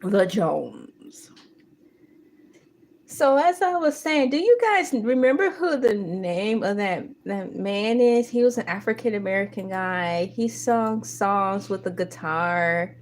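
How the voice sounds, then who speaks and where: A woman's voice: mid-range voice, slight background noise. A woman hosting a morning livestream in casual chat, playful and joking as she talks. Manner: slow, playful, breaks into sung bits and laughter. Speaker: livestream host.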